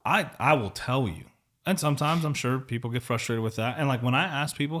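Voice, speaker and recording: A man's voice: mid-range voice, brisk, a bit bright. A man hosting a podcast, talking in a rambling, candid way with many restarts and lots of "like". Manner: rambling, candid, says like a lot. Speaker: podcast host. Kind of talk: casual interview chat.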